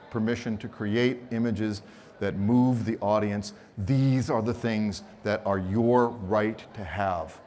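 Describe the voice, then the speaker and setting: On a conference stage, a man leads a live photography seminar, telling stories with teasing humor and acting out quotes in an animated, expressive way. His voice is lowish and his pace slow.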